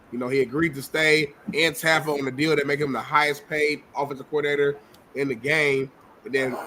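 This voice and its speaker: A man's voice: a little high, sharp tone, slight background noise. A man co-hosting a sports talk show, laid-back and direct as he asks a guest questions.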